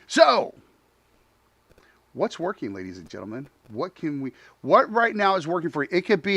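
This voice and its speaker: A man's voice: fairly high pitch, big pitch swings, moderate pace, fairly bright tone, no room sound. A man hosting a live talk show, chatting casually and acting out dialogue, laughing often.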